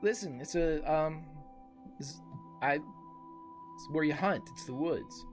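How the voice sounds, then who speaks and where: A man's voice: fairly high pitch, slow, faint music behind. A man playing a boastful wizard in a tabletop game, rambling and unsure of himself. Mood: smug. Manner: boastful, bumbling. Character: cocky male wizard.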